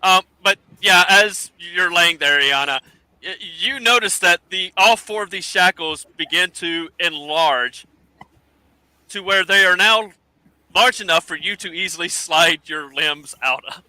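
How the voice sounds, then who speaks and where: A man narrating a tabletop game as game master, halting often with fillers as he thinks. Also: high voice, pushed and bright, no room sound, poor audio.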